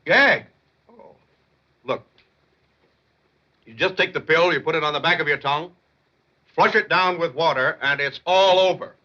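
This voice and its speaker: A man playing a loud, bossy middle-aged father in a 1950s film comedy, on a lo-fi old soundtrack. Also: on the high side, moderate pace, long pauses. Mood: blustering.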